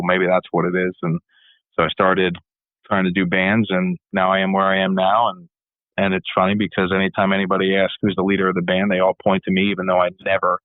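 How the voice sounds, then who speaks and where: A man's voice: low voice, no echo, phone-quality sound. A man in a casual interview telling a long personal story, rambling and often repeating his words. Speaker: band leader and musician.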